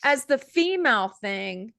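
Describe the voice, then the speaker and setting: A woman's voice: on the high side, sing-song, measured pace, gravelly, fairly bright tone, no room sound, studio quality. A woman co-hosting a casual chat, nasal and congested from allergies, opinionated and rambling with fillers. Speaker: co-host.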